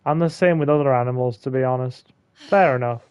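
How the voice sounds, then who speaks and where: A man's voice: medium pitch, fairly quick, darkish tone, smooth, dry recording, highs cut off. A man co-hosting a gaming stream, joking and reading chat aloud. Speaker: game stream co-host. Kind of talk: casual gaming commentary.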